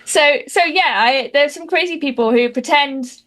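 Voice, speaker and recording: A British woman with a high, fairly bright voice and a moderate pace chats as a guest commentator in a casual interview. Her humor is dry and wry, and her speech is full of fillers and restarts.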